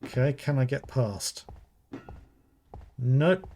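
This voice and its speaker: British male streamer, unhurried live play-through commentary, faint hiss behind the voice. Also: medium pitch, expressive, dark tone. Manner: slow, thinking aloud, muttering item names. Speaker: gaming streamer.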